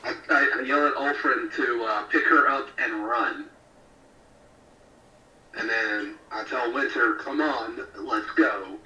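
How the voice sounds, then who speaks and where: A man's voice: medium pitch, steady tone, takes it slowly, pauses often, sharp tone, reverberant, distant mic, muffled recording, slight background noise. A man playing a tabletop game who speaks plainly and matter-of-factly. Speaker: player. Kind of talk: casual tabletop game play.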